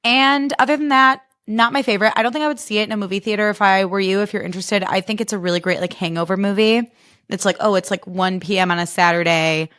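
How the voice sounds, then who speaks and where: A woman's voice: medium pitch, steady tone, fast talker, fairly bright tone, clear, resonant tone, no room sound, studio quality. A woman podcast host and comedian in a casual comic monologue, chatty and sarcastic, full of fillers.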